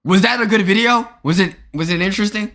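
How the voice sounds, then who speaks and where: A young man hosting a live stream, chatting casually and jokingly with his viewers in an animated way. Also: high voice, fast. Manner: animated, joking, talks straight to chat. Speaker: streamer host.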